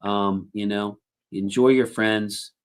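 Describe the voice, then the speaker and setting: Low-voiced man hosting a livestream. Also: fairly even intonation, takes it slowly, clean tone. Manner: rambling, warm thanks to chat, frequent fillers. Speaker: sports livestream host. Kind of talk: casual livestream chat.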